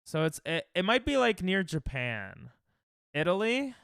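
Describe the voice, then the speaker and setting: A man's voice: sits high, big pitch swings, measured pace, gravelly, fairly bright tone, clear, resonant tone, no room sound, studio quality. A young American man streaming a geography guessing game, thinking aloud and trash-talking his chat. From United States. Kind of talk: casual live-stream chatter while playing.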